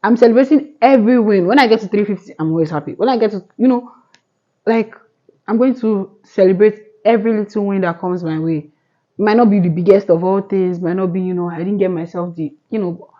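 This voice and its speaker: A vlogger in her twenties offers earnest motivational advice to camera in a casual talk, rambling and restarting her sentences. Her voice is medium-pitched and brisk, and the audio sounds dull.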